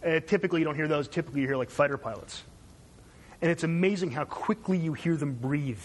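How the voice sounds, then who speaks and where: A man's voice: on the high side, fast talker. A man from Canada giving a conversational university lecture, digressive and checking in with "right?".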